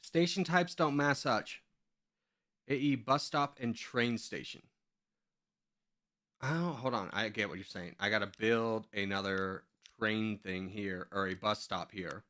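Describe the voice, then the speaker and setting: Bright-voiced man streaming a game. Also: lowish voice, unhurried. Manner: muttering to himself while building, answering chat. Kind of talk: casual gameplay commentary.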